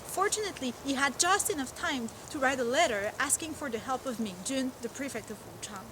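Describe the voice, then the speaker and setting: Woman anchor, high voice, scripted, faint background hiss. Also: animated, a little fast. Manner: bright, scripted anchor delivery. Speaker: news show host. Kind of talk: mock news presenting.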